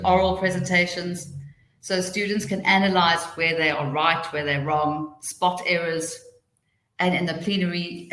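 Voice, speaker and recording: A woman teacher trainer running a live webinar, chatty and quick, with laughing asides as she works through her slides. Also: on the low side, a bit bright, reverberant. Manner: chatty, rushing then slowing down, laughing asides. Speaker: TEFL trainer hosting a webinar.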